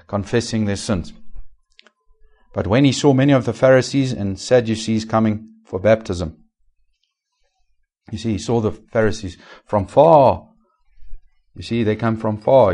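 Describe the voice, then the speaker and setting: A man preaching a sermon as pastor, asking the congregation rhetorical questions and swinging between raised and hushed delivery. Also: on the low side.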